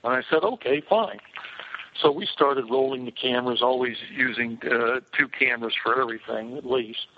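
An older man who is a film director tells casual, rambling behind-the-scenes stories full of fillers and restarts. His medium-pitched voice stays steady and brisk with few pauses, and the recording sounds like a tinny phone line.

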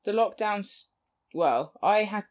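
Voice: mid-range voice, lively intonation, measured pace, crowd noise. Give me a podcast guest with a mid-range voice. They chat casually and rib the host playfully throughout. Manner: teasing, playful.

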